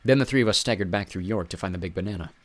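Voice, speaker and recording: A man's voice: deep voice, very fast, no room sound. A man reading a first-person adventure story aloud with dry, wry asides. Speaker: audiobook reader.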